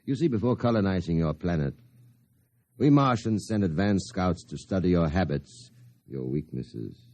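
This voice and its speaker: A smug Martian villain with a deep, dark, smooth voice. His delivery is unhurried and condescending, in a dry, close 1950s radio drama. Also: expressive, dry recording. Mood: menacing. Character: suave scheming male Martian invader, smug.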